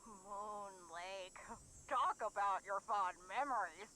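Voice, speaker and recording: An actress playing a brash, sharp-tongued old woman who once ran with flappers, teasing and quick with comebacks in a mystery video game. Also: mid-range voice, poor audio. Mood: nostalgic. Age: older.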